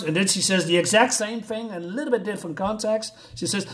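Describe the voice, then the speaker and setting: A man's voice: high voice, quick pace, few pauses, a bit bright. A man reviewing a comic book in casual talk, exasperated and sarcastic as he mocks the writing. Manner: exasperated and sarcastic, mocking the dialogue.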